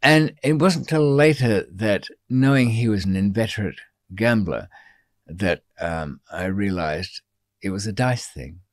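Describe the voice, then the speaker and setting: An older man telling stories as a guest in a studio interview, dry and wry, with frequent pauses and restarts. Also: on the low side, animated, no room sound. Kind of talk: storytelling in a long-form interview.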